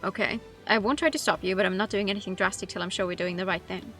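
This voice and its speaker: A woman's voice: mid-range voice, steady tone, fast talker, fairly bright tone, soft background music, natural voice. A woman reading the lines of a blunt, skeptical young man who doubts his friend. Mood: doubtful.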